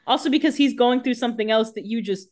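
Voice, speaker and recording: A woman's voice: a little high, quick pace, darkish tone. A woman co-hosting a casual podcast, joking, swearing freely and acting out exasperated reactions. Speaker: podcast co-host. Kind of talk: casual chat.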